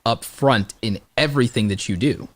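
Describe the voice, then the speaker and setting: A man's voice: medium pitch, moderate pace. A man hosting a live stream discussion, speaking emphatically and motivationally, with frequent "like". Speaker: host YouTuber.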